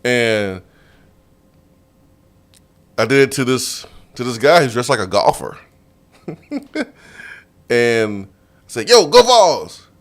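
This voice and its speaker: A man hosting a sports radio show, telling a story in a casual, animated way and laughing often, recorded in a studio. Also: mid-range voice, slow pace, long pauses.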